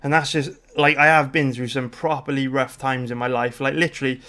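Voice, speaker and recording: A man's voice: medium pitch, level tone, a little fast, pushed and bright. A British man in his thirties hosting a livestream, talking casually in a rambling way, swearing freely and full of fillers and restarts. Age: 30s. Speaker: livestream host.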